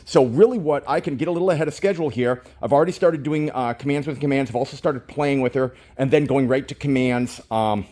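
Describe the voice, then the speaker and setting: A man's voice: medium pitch, fast talker, hardly any pauses, darkish tone. Enthusiastic dog trainer man filming. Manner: enthusiastic, gushing praise, baby talk to the dog; crisp short commands to the dog. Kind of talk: narrating a dog training session. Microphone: phone held in hand.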